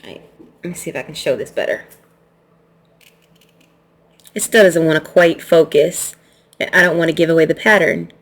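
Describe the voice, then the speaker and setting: A woman's voice: sits low, moderate pace, long pauses. Chatty woman hosting a quilting unboxing. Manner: chatty, laughs easily, restarts sentences. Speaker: quilting channel host. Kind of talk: casual unboxing chat.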